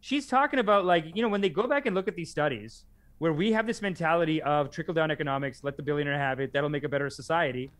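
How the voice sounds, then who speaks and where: A man's voice: on the high side, fairly bright tone. A man co-hosting a casual political chat, blunt, dismissive and swearing freely. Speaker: podcast co-host.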